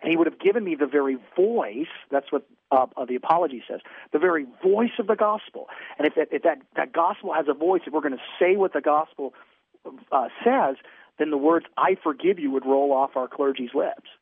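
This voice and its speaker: Male phone guest, earnest, rambling, slightly high voice over a tinny line, dry sound. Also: fairly quick, slightly rough, dry recording. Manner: rambling, repeats words, earnest. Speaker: caller guest. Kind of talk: call-in radio conversation.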